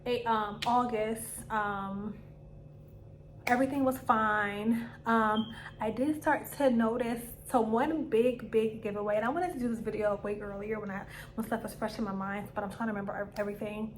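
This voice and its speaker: A young woman tells a personal story to her vlog audience in a chatty, animated way. Her voice sits a little high, and she slips into lively quoted lines as she talks. A faint hiss of background noise runs under the recording. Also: moderate pace. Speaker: vlogger. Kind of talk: casual storytelling to camera.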